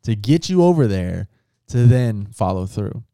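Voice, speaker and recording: A man's voice: lowish voice, big pitch swings, unhurried, dark tone, clear, resonant tone, no room sound, studio quality. A man co-hosting a casual faith podcast, asking searching questions. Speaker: podcast co-host.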